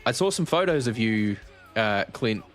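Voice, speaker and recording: A man co-hosting a music chat stream, asking a guest questions in a halting, repetitive way. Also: on the low side, expressive, fairly bright tone. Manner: halting, repeats words while asking. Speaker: podcast co-host. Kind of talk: casual interview questions on a livestream.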